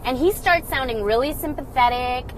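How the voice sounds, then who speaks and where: Loud, animated young woman streaming live. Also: high voice, moderate pace, a little hiss or hum, poor audio. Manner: animated, sarcastic, mocking; loud and excited. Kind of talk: casual live stream commentary. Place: indoors, phone live stream. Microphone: phone.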